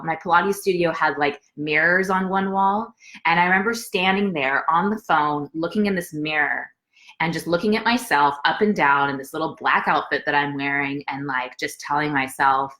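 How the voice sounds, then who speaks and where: A woman with a fairly low voice leads a live motivational session as a coach. She talks earnestly and circles back to repeat key phrases for emphasis, greeting viewers by name as she goes. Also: fairly quick, sharp tone. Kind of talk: motivational live talk with a personal story.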